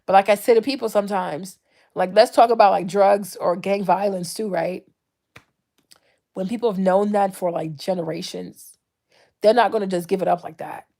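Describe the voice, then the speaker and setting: A woman from the Ivory Coast talking casually to camera, animated and often dropping into mocking impressions. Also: medium pitch, normal speed, vocal fry. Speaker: vlogger.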